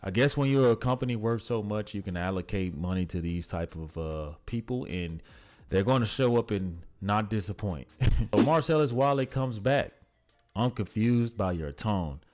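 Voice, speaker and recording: A man's voice: lowish voice, expressive, normal speed, darkish tone, faint music behind. A man giving blunt, exasperated sports commentary in a casual vlog, often calling the listener "bro".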